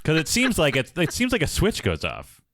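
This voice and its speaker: A man's voice: fairly high pitch, huge pitch swings, fairly quick, heavy background noise. A man from Minnesota co-hosting a podcast in casual chat, jokey and rambling, laughing often. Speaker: podcast co-host.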